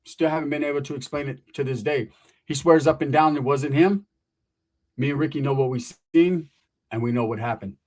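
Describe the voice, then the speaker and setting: A man spinning a wild tale in casual, profane talk. His voice sits a little high for a man, and he keeps slipping into acted quotes before jumping back to the story. He swears freely and never lets the story stall. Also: fairly quick, a little mellow.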